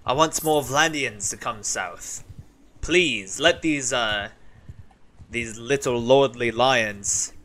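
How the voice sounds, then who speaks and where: A man voicing a courteous, regal desert sultan who speaks slowly and in flowery, poetic phrases, using a put-on accent. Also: mid-range voice, bright, forceful tone. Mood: grandiose. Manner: slow, measured, flowery speech in a put-on accent.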